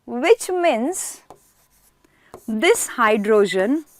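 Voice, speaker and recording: A woman teaches a chemistry class online in a fairly high, very animated voice, drawing out her words. She asks questions and answers them herself, repeating key words for emphasis.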